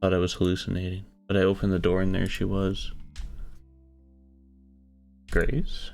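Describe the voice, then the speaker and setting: Brief: low gravelly male streamer narrating a visual novel, earnest. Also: completely flat delivery, quick pace, darkish tone, faint music behind. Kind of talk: reading a visual novel aloud.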